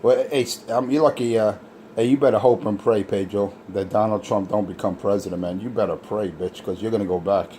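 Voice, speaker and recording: Low man ranting, scornful, faint noise behind. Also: fairly even intonation, brisk. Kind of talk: casual trash talk.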